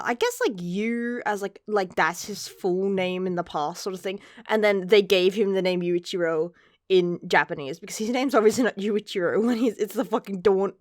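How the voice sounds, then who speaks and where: A manga reviewer talks through a chapter in a relaxed, chatty style, wandering off topic and swearing casually. Her voice is middle-pitched, and the recording is dry and close.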